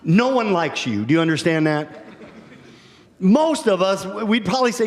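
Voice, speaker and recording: A man's voice: high voice, lively intonation, normal speed, pauses often. A male pastor preaching a sermon, conversational and humorous, telling stories in a church. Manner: storytelling with acted voices, conversational and humorous. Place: church sanctuary. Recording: church hall reverb.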